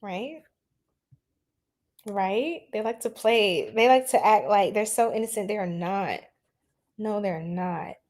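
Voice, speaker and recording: A woman's voice: mid-range voice, slow, long pauses, darkish tone. A woman hosting an astrology livestream in casual, slangy chat, laughing often and reacting to viewers' comments.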